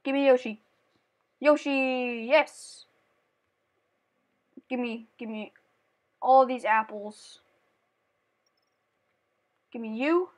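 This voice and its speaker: A woman playing a platform game on camera, chatting playfully and breaking into shrieks and yells as she plays. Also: on the high side, animated, extremely slow, pauses often. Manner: playful, talks to the game and her cat. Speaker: gaming channel host. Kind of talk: let's play commentary.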